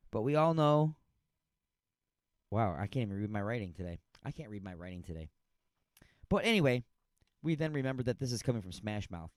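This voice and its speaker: A man's voice: mid-range voice, dry recording. A man hosting a radio show, giving a sarcastic, rambling comic rundown of odd news stories. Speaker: radio host.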